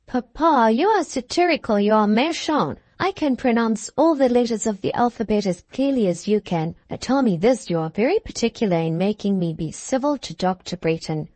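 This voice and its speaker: A woman voicing a lively, pert young woman who speaks eagerly, pitched higher than her narration. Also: moderate pace, hardly any pauses, no echo. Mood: indignant.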